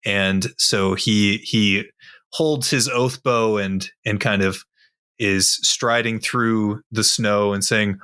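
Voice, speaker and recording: A man playing a tabletop game, slowly describing his character with many pauses. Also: lowish voice, fairly even intonation, bright, forceful tone, clear, resonant tone. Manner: slow, rambling description with many ums. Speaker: player. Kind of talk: tabletop role-play.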